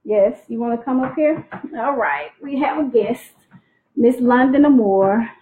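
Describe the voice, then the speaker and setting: A woman teaching teen girls on a live stream, speaking clearly and expressively. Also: fairly high pitch, a little slow. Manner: clear, articulate, expressive delivery. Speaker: youth self-esteem coach. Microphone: phone livestream. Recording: tinny phone-like livestream audio.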